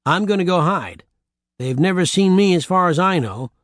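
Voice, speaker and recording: A man's voice: high voice, lively intonation, normal speed, no room sound. A man voicing a cowardly male talking frog in an audiobook, whiny and sarcastic. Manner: pleading, sarcastic complaining.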